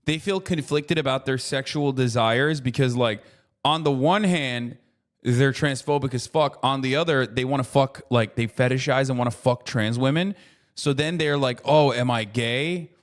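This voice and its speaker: A man streaming casual commentary, talking in an animated, profane way that keeps breaking into loud mocking rants. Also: mid-range voice, normal speed. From United States. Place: traveling in Japan.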